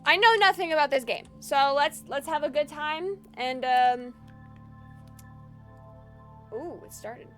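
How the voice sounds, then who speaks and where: Giggly, high-voiced woman streamer. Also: slow pace, long pauses, fairly bright tone, soft background music. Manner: giggly, chatty, swears casually. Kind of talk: casual gaming commentary.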